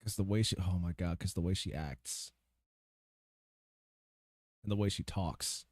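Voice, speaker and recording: A man's voice: deep voice, a little slow, darkish tone, dry recording, clean studio sound. A man giving casual, profane commentary while playing a game, ranting and talking to himself. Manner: ranting, swears freely, talks to himself while searching. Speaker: gaming video creator.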